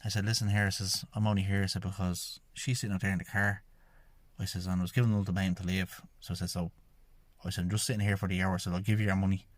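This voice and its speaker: Low-voiced Irish man telling his story. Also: level tone, fast, dry recording. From Ireland. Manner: rambling, repeats "I says" while retelling dialogue. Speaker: podcast host, shamanic healer. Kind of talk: personal storytelling monologue.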